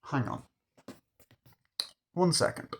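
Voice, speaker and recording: A man's voice: slow pace, a bit bright, slight background noise. A man casually reviewing a film he loves, rambling enthusiastically with lots of swearing. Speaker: movie reviewer.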